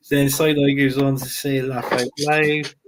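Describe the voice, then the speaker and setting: A man's voice: mid-range voice, background noise. Chatty man reading comments. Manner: chatty, laughs often, repeats phrases. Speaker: host of football show. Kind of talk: casual live-stream chat, reading viewer comments.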